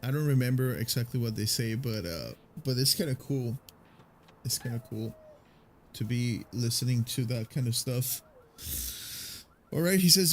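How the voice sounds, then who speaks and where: A man's voice: medium pitch, expressive, normal speed, pauses often. A man casually commentating his video game playthrough, rambling with many fillers and restarts.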